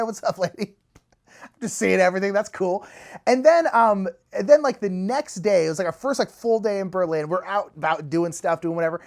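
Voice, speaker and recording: A man telling a funny travel story in a casual, animated way, laughing often. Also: creaky. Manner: animated, laughing, big pitch swings. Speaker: storyteller, channel co-host.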